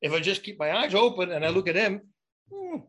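A man being interviewed as a guest, telling lively anecdotes in a casual way, often restarting his sentences and adding emphatic asides. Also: high voice, fairly quick, husky. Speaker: guest, former fighter turned actor.

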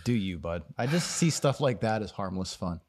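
A man's voice: lowish voice, expressive, normal speed, darkish tone. A man co-hosting a podcast in casual chat, teasing and quizzing his co-host.

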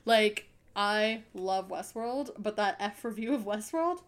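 Quick-reacting young woman chatting. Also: medium pitch. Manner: quick reactions, laughs easily. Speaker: podcast co-host. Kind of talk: casual chat.

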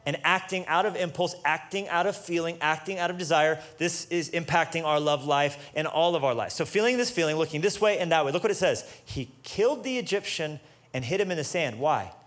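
A man preaching with a fairly high-pitched voice. He keeps the talk casual, joking and street-level, then drives his points home with emphatic stress. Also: a little fast, few pauses, a bit bright. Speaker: pastor. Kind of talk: sermon.

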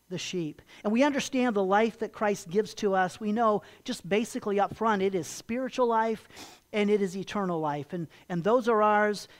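A pastor delivering a sermon, emphatic and full of rhetorical questions, repeating key phrases and growing louder and higher to stress a point.

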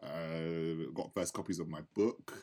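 A man's voice: a bass voice, steady tone, measured pace, a loud crowd. A young man co-hosting a casual podcast, laid-back and jokey, laughing a lot. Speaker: podcast co-host.

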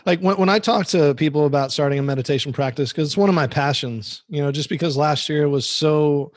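A man's voice: fairly high pitch, brisk, no room sound, studio quality. A man hosting a podcast, chatting casually in a rambling way that is full of "like" and restarts. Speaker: podcast host. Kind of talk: casual chat.

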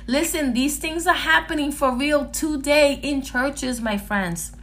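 Bright high-voiced woman preaching. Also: unhurried, few pauses. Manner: preachy, emphatic, repeating phrases in runs. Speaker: podcast host. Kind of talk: Bible teaching podcast.

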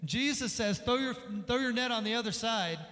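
A man preaching a sermon as pastor, energetic, acting out the voices in the story he tells. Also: extremely high pitch, moderate pace. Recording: long reverb of a large hall.

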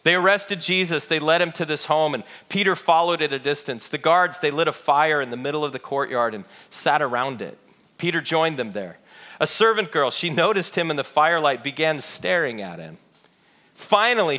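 Delivering a sermon as a pastor, a man tells the story dramatically in a slightly high, expressive voice. Loud, fast sections alternate with hushed, slow ones.

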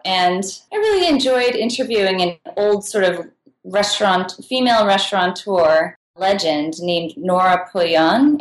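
Chatty woman in an echoey room. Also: on the low side. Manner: chatty and giggly, with frequent laughs. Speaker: podcast guest, food writer. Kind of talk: casual interview answers.

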